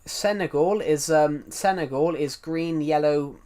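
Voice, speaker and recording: This young man from southern England has a fairly high, warm voice and speaks a little slowly, with a southern English accent. He chats casually on a game live stream, rambling through viewer comments with lots of restarts and repetition.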